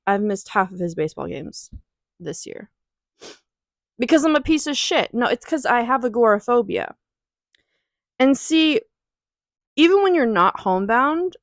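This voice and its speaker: A woman's voice: mid-range voice, no echo. A young woman talking in an emotional, rambling way in a personal vlog at home, near tears. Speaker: vlogger.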